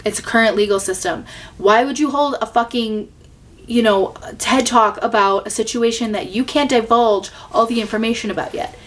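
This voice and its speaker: A woman's voice: a little high, normal speed. A woman hosting a reaction commentary video, exasperated, sarcastic and full of profanity.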